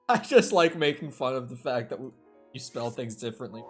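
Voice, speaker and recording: Over soft background music, a man with an animated mid-range voice takes his time, pausing often as he streams a game. He chats casually with viewers, rambling and joking with frequent laughter. He uses a headset or desk mic and wears headphones.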